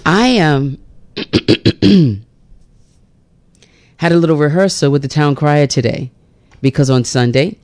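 Bubbly woman radio host, smooth voice. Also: sits low, takes it slowly, long pauses, a little mellow. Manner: bubbly, laughs often at herself. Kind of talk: morning radio chat.

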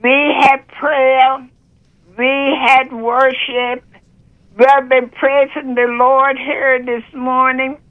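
Older lady caller, high voice, slow, voice catching, praising the lord on a dull phone line. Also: little pitch movement. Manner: fervent, breaks into praise, voice catching with emotion. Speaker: caller sharing a testimony. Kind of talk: emotional testimony.

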